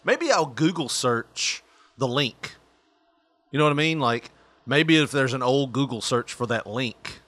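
A man's voice: mid-range voice, lively intonation, unhurried, a bit bright, no echo. A male podcast host in casual, joking chat who laughs often.

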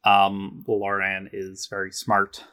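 A man's voice: low-pitched, completely flat delivery, slow, bright, forceful tone. A man co-hosting a podcast in casual chat, rambling with many fillers and restarts and cracking playful jokes. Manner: laughs often, with playful jokey asides. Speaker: podcast co-host.

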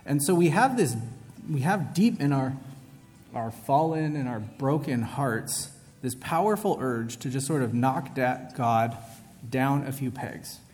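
A man's voice: mid-range voice, lively intonation, a little slow, darkish tone, faint music behind. A man preaching a casual sermon in a reverberant hall. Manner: casual, asks "right?" often, self-interrupting. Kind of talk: conversational sermon. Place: large hall with a congregation.

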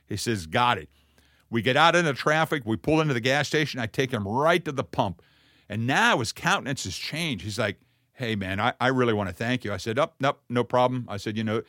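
A man telling a personal testimony in a sermon, earnest and conversational, acting out the dialogue, and closing with a softer, slower blessing. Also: medium pitch, dry recording, studio quality. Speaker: ministry speaker addressing congregation.

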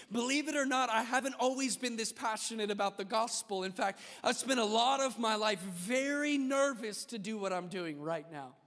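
A male pastor preaching a sermon in an energetic, humorous, conversational way. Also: extremely high pitch. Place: church sanctuary. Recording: reverberant church hall.

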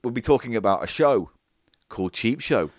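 A man's voice: medium pitch, animated, moderate pace, dry recording. A man from Britain chats on his comedy podcast in a voice that swings up and down freely. He plays up his own misery with melodramatic, self-mocking asides. The sound is close and dry. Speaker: podcast co-host. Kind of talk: casual comedic chat.

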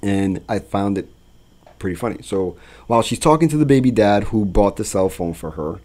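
A podcast co-host with a lowish voice and moderate pace recounts his time driving rideshare in a casual chat. He tells animated, profane stories about his passengers, acting out their voices and laughing often.

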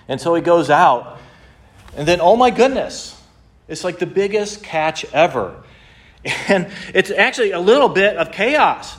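A man preaching a sermon, retelling a story in a lively way, acting out the quotes, with many restarts. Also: sits high, measured pace. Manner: animated storytelling with frequent restarts and acted-out quotes. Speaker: pastor.

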